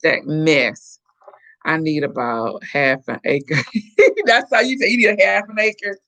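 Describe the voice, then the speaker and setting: A woman's voice: low voice, a little slow, a bit bright. Chatty middle-aged woman from Florida, storytelling. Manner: chatty storyteller, acts out quoted voices. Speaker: live-stream host. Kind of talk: casual chat with viewers.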